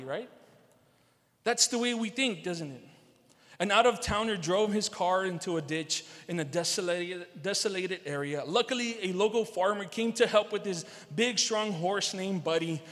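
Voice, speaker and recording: High-voiced male pastor in a reverberant hall. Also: moderate pace, a bit bright. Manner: repeats key phrases for emphasis, addresses the congregation directly. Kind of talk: sermon. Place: large church sanctuary.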